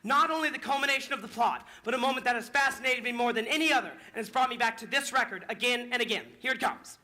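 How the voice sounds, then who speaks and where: A man's voice: very high-pitched, fast talker, bright, forceful tone, heavily acted. A young man in a school musical playing a lonely theatre fan who narrates in a confiding, rambling way. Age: young adult. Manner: confiding, rambling, bitter asides. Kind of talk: high school musical stage acting.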